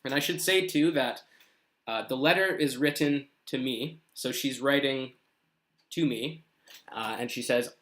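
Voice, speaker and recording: A man's voice: medium pitch, a little slow, fairly bright tone. A young man from Canada, an English teacher, chatting through a live-stream lesson with patient explanations and frequent fillers.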